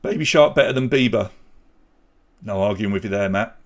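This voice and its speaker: A man's voice: on the low side, moderate pace. A man hosting a live online pub quiz, chatty and jokey as he reads out questions and scores. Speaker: quiz host.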